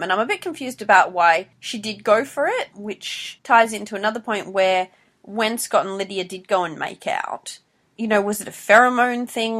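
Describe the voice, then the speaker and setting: A woman's voice: mid-range voice, fairly bright tone. A woman co-hosting a podcast, analyzing a TV show in casual chat and thinking aloud. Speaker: podcast co-host.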